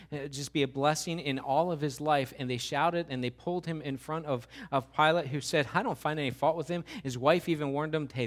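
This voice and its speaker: With a mid-range voice, a man delivers an energetic sermon as a pastor. Acting out quoted speech is a regular feature, as are loud questions that climb as he builds.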